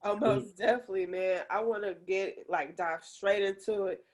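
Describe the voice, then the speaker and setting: A woman's voice: medium pitch, steady tone, moderate pace. A woman co-hosting a podcast interview over a video call, bubbly and teasing, with a sing-song way of opening the show. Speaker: co-host.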